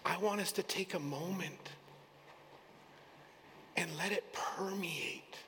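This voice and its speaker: A male pastor preaching an earnest, emphatic sermon in a church, sometimes dropping to a soft near-whisper. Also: sits high, takes it slowly, a little hiss or hum. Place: church sanctuary. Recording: long hall reverb, faint room ambience.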